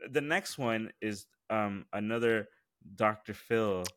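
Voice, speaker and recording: A man's voice: fairly low pitch, takes it slowly, fairly bright tone, dry recording, clean studio sound. A man co-hosting a podcast in casual banter, playful and often laughing. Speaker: podcast co-host.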